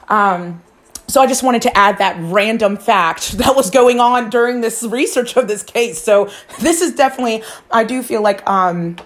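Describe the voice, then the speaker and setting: A woman talking casually to her viewers as a psychic true-crime vlogger, rambling and confiding, with casual swearing and frequent restarts. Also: fairly low pitch. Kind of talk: casual chat to camera.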